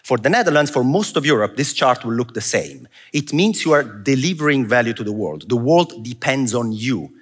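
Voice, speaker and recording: A man's voice: mid-range voice, big pitch swings, moderate pace, few pauses, husky. Italian-accented man presenting in a hall. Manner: self-deprecating, conversational. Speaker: macro analyst speaker. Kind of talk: conference presentation. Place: event hall. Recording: reverberant hall.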